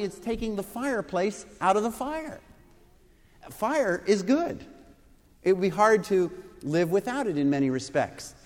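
Man preaching, high voice, long hall reverb, asks the congregation questions. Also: a little mellow. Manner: explanatory teaching with rhetorical questions. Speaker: pastor. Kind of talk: sermon.

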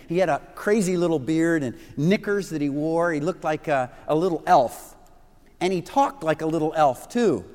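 Middle-aged male pastor, earnest emphatic sermon for youth; higher voice, reverberant sanctuary. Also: a little mellow. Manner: earnest, emphatic, repeats key phrases.

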